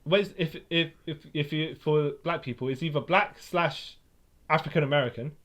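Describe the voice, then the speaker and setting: A man co-hosts a podcast with a voice pitched a bit high. He is chatty, laughs easily and fills gaps with quick agreeing yeahs. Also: fairly bright tone. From Britain. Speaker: podcast co-host. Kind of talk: casual chat.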